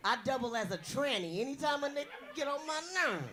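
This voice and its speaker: Brash young woman doing raunchy stand-up, big voice, swings all over, bright and punchy. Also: high voice, lively intonation, fast talker, few pauses. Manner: brash, bawdy, loud punchlines. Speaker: stand-up comedian. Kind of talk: stand-up comedy routine.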